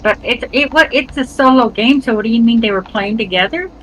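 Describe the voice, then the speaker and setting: A woman's voice: on the high side, a little fast, a bit bright, a little hiss or hum, rough recording. A middle-aged woman chatting casually with friends while playing a game, often stopping and restarting her sentences. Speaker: streamer. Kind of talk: casual chat while gaming.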